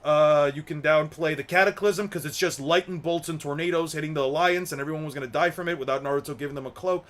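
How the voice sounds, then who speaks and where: A man's voice: a little high, steady tone, quick pace, hardly any pauses, a bit bright. A young man hosting an anime commentary channel, ranting casually, rambling, repeating words and swearing. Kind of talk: casual opinion rant.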